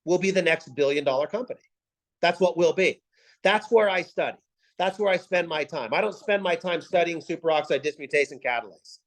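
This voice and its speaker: His voice a little high and brisk, a man runs a team video call with a sales pep talk, captured in a rough recording. He drives it with emphatic rhetorical questions and punchy repetition.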